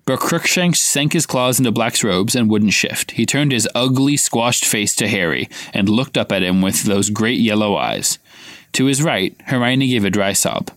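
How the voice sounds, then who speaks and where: A man's voice: fairly low pitch, lively intonation, normal speed, a bit bright, dry recording. Man reading a novel aloud, dry sound. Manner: reads dialogue with light acting, stops to quiz his co-host. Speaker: podcast co-host reading aloud. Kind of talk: casual read-aloud of a novel with banter.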